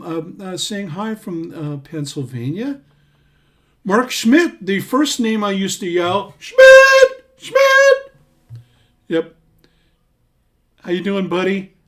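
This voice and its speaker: A man hosting a casual livestream, chatting and reading out viewers' names as he scrolls through comments. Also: sits high. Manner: warm, rambling, reads names aloud while scrolling comments. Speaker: singer-songwriter hosting a livestream.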